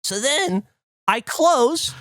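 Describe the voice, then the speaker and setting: A man's voice: extremely high pitch, very slow, no echo, studio quality. A man co-hosting a podcast who tells a story in a casual, profane rant and acts out other people's lines. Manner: animated, profane ranting. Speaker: podcast co-host.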